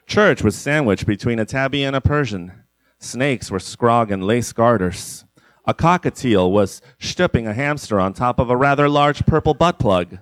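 Deadpan man reading comic story. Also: mid-range voice, no echo. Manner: deadpan, breaks into laughter. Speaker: narrator.

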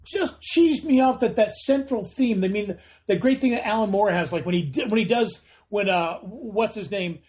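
A man chatting as a guest on a podcast, telling rambling, animated stories. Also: high voice, slightly rough. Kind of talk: casual podcast chat.

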